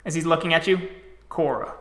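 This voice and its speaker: A man narrating a tabletop game as storyteller, describing scenes slowly and restarting phrases as he goes. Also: fairly high pitch, a bit bright, reverberant.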